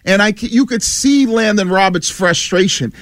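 A man with a high, bright-sitting voice holds the floor on a sports talk radio show. He argues step by step, pressing callers and cutting in. The sound is dry and close to the mic. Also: moderate pace, no room sound. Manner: emphatic, argues point by point, interrupts callers. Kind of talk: radio call-in debate.

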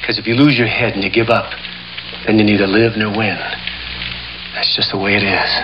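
A man plays a grim, hardened frontier man with a low, gritty voice and a slow, stern drawl. Loud music plays under his words. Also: little pitch movement, dull audio, natural voice.

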